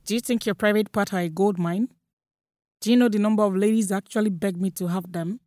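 A woman's voice: medium pitch, steady tone, fast, mellow, dry recording, studio quality, natural voice. A woman voicing a drunk, lecherous male office boss who mocks and later stammers. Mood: scornful. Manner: mocking, then stammering and pleading.

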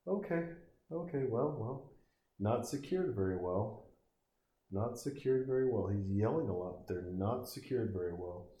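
Deep, profane man riffing sarcastically. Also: animated, a little slow, mellow. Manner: profane, sarcastic, mocking asides to the screen. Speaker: commentator. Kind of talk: crude comedic commentary while watching a film. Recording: echoey room.

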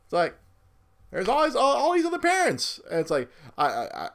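Rambling animated man in his thirties. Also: very high voice, fairly quick. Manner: rambling and self-mocking, repeats words, laughs often. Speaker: new father vlogging. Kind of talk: casual chat.

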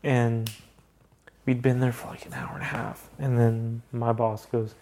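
A man's voice: medium pitch, flat delivery, moderate pace, a little mellow, a little hiss or hum. A young man hosting a casual chat podcast, telling a story in a heated, profane way. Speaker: podcast host.

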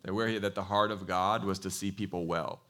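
A man preaching a sermon in a conversational, animated way, telling a Bible story and asking his congregation questions. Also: sits low, brisk. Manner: animated storytelling, acts out quoted voices. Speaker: pastor.

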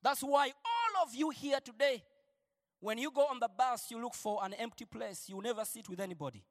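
High-voiced impassioned male preacher. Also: expressive, moderate pace, in a large hall. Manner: impassioned, preaching, swings from soft to shouted. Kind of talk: sermon.

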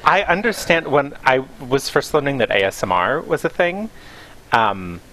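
A speaker in casual chat, joking wryly and laughing a lot, with quick one-liners. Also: mid-range voice, big pitch swings, fairly bright tone. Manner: wry and playful, laughs a lot, with quick quips.

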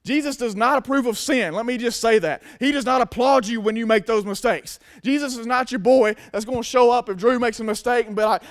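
A pastor preaches in a casual, emphatic way. His voice sits very high for a man. He addresses a congregation directly in a sermon. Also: a little fast, hardly any pauses.

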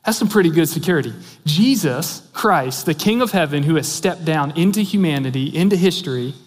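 High-voiced preacher in a reverberant hall. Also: male voice, animated, fairly quick. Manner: earnest, emphatic, asks many rhetorical questions. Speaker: pastor. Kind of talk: sermon. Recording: long reverb of a large hall.

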